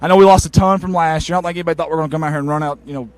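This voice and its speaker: A man, reporting from the sideline of a football field after a game and interviewing people with eager, warm praise. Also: fairly high pitch, racing, no echo. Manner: excited, warm toward players, repeats "I'm gonna tell you something".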